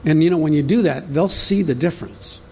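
A man's voice: on the high side, a little fast, darkish tone, a little hiss or hum. A man preaching a sermon as pastor, in a conversational teaching manner that speaks directly to the congregation.

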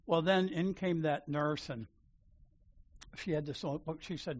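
Man, church elder, sermon storytelling, animated, acts out dialogue, fairly high voice, muffled lo-fi sound. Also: normal speed. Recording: dull lo-fi sound.

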